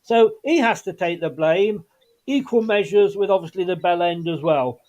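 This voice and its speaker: Wry fan-channel host, fairly high voice, laughing off frustration. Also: male voice, moderate pace, darkish tone, lo-fi sound. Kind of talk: casual fan chat.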